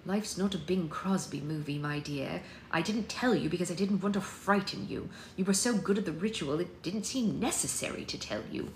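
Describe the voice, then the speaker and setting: A woman's voice: fairly low pitch, normal speed, few pauses, natural voice. A woman reading the lines of a guarded, dry-witted middle-aged witch mother, in a roomy recording with faint background noise.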